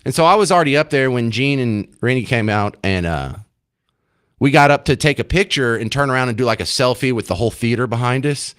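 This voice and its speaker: A man's voice: medium pitch, expressive, a little fast, a bit bright, clean tone, no echo, clean studio sound. A man hosting a talk radio show, chatting in a rambling, self-mocking way. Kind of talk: casual talk radio monologue. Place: radio studio.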